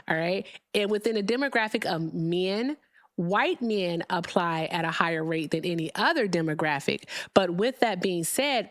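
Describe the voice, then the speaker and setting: A woman's voice: mid-range voice, no echo, studio quality. Blunt woman hosting a call-in debate. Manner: blunt, emphatic, lecturing with repeated "all right?". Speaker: host. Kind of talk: live political call-in debate.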